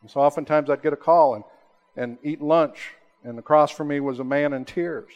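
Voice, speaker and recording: A man preaching a sermon, rising to emphatic high peaks and then dropping to slow, hushed, low lines. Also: steady tone, highs cut off. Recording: long hall reverb.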